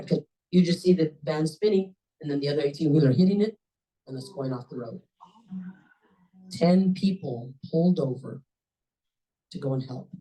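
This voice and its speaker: A woman at a club meeting telling a personal story in a lively, conversational way, often jumping up in pitch for emphasis. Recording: voice a bit distant from the mic.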